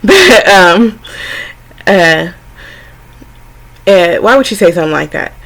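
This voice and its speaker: A young adult woman speaks to camera in a slightly low voice, telling her own story in a loose, rambling way. She is frank and chatty, scatters fillers through every sentence, and slips into quoted voices of her younger self and her parents. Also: expressive, slow pace, gravelly, a bit bright, poor audio. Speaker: vlogger. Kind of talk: casual personal storytelling to camera.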